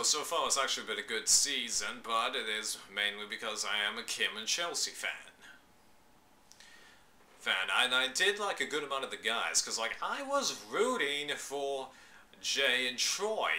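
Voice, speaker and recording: A man's voice: mid-range voice, bright, forceful tone. A man giving his opinions in a casual, chatty vlog, loose and slangy, with bursts of exclamation. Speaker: vlogger reviewing a reality show.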